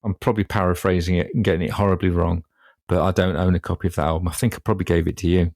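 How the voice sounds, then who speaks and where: A man's voice: sits low, little pitch movement, racing, a little mellow, dry recording. A man, co-hosting a podcast in casual chat with a dry, wry and precise manner. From Derby, England. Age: 50s. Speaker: podcast co-host.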